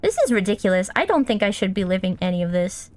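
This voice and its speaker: Young woman streamer, lively voice, casual gameplay chat, frustrated and profane. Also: mid-range voice, quick pace. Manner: exasperated, swears often, talks to the game character.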